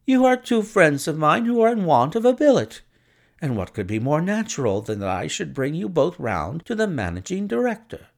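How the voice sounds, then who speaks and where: A man voicing an eager, cheerful young male clerk who tells his story in an animated way. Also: a little high, normal speed, gravelly, pitched above the performer's own voice.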